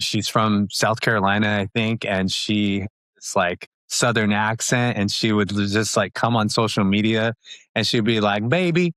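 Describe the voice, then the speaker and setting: Man, thirties, podcast guest, upbeat chatty talk, lowish voice, dry close mic. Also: a bit bright, no room sound. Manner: upbeat, fast, chatty with frequent laughs and fillers. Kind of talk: casual interview talk.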